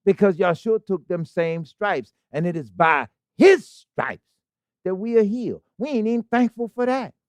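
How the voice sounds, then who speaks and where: A man preaches in a congregation hall at normal speed, leaning on rhetorical questions and call-and-response throughout his sermon. His pitch sits fairly high and ranges widely with animation. The audio is close and dry, with hardly any room echo.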